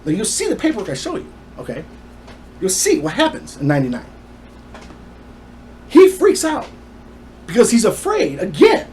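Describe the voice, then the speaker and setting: A man's voice: high-pitched, slight background noise, rough recording. A man telling a personal story in an agitated, ranting monologue. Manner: agitated, ranting, rapid asides.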